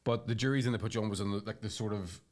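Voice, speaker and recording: Northern irish man, podcast co-host, quick-talking, jokey and sweary. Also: on the low side, fairly even intonation, darkish tone. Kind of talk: casual banter.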